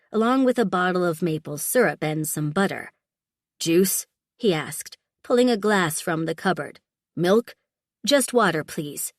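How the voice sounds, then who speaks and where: Brief: woman narrator, audiobook reading, lowish voice, dry close recording. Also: no echo. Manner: steady, measured storytelling. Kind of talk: scripted narration.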